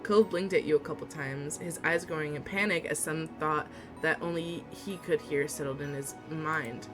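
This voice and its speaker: A woman's voice: low-pitched, fairly even intonation, moderate pace. A young woman streaming a visual novel, reading its text aloud and gushing with giggly reactions. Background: faint game music.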